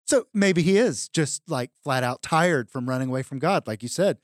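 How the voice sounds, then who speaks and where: A man's voice: a little high, animated, moderate pace, no room sound. Conversational man explaining scripture, dry sound. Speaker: podcast co-host. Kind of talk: casual Bible discussion.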